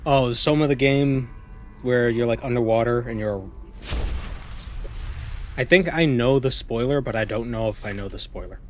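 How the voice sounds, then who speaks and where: A man's voice: mid-range voice, normal speed, pauses often, a little hiss or hum. A man streaming a video game, giving casual, rambling commentary and thinking aloud with amusement.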